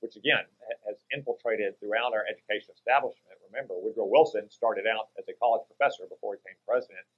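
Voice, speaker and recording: A man serving as a senator talks in a deliberate, lecturing manner, his voice sitting low. The audio comes across dull and lo-fi, with its top end rolled off. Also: husky. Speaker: U.S. senator, guest. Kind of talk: political interview.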